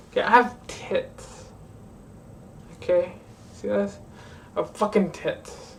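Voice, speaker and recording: A woman's voice: mid-range voice, steady tone, slow pace, gravelly, pauses often, slight background noise. A drunk young woman rambling and swearing in a vlog, slurring and repeating the same phrase over and over. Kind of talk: rambling late-night vlog rant. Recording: voice distant from the mic.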